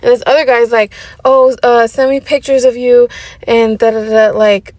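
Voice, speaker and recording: A woman with a fairly high voice vents about the men she is talking to, irritated and swearing freely. The recording is dry and close, with no room sound. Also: little pitch movement, normal speed, a little mellow, no echo. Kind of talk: casual venting rant.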